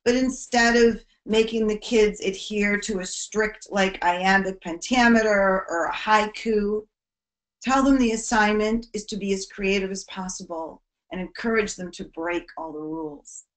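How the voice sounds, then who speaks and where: Her voice mid-range and her delivery a little slow, a woman presents earnestly to teachers about bullying prevention. She softens her voice whenever she reaches a serious point.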